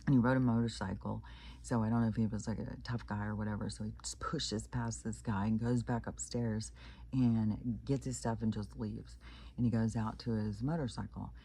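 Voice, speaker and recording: Husky, mellow man telling a story. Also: lowish voice, fairly even intonation, normal speed. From Kansas, United States. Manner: rambling, many fillers and restarts. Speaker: channel host. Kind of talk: casual storytelling.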